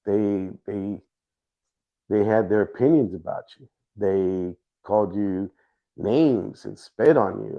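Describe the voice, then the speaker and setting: Middle-aged guy rambling on his livestream, lowish voice, kinda muffled lo-fi sound. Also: vocal fry. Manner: rambling, halting, many restarts. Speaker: livestream host. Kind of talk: casual livestream chat. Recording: dull lo-fi stream audio.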